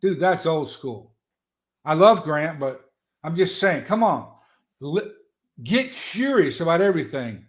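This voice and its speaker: A man telling stories as a guest in an animated, folksy, loud way. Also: fairly high pitch, measured pace. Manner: animated, folksy storyteller who talks loud. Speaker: guest, political strategist. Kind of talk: casual motivational talk.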